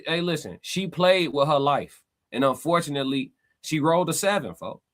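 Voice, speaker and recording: His voice is on the high side and his pace brisk as he hosts a laid-back livestream podcast. He reads viewers' chat messages aloud and pushes back against them in lively, emphatic slang.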